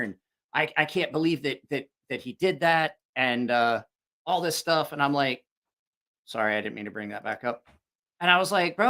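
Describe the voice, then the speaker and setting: Rambling, lively-voiced man chatting on a stream. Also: a little high. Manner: rambling, frank, swears freely, many restarts. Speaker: knife review channel host. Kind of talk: casual live-stream chat.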